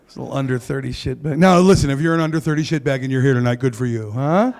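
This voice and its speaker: A man's voice: mid-range voice, fast talker, creaky, darkish tone. A man doing stand-up comedy in a comedy club, brash and crude with mock outrage.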